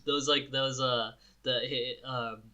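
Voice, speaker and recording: A young man co-hosting a casual podcast, telling stories in an animated way, acting out his friends' lines and laughing often. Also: medium pitch, normal speed, dull audio, a loud crowd. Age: young adult. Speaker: podcast co-host. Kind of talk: casual chat.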